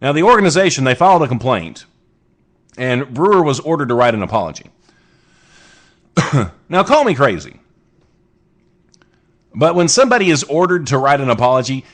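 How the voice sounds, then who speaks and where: A man from the States hosts his own show and riffs on strange news with a sarcastic, rambling delivery. His pitch swings widely as he jokes through each story. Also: big pitch swings, normal speed, pauses often, fairly bright tone. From United States. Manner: sarcastic, rambling asides with restarts. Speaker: podcast host. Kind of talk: casual comedic news commentary.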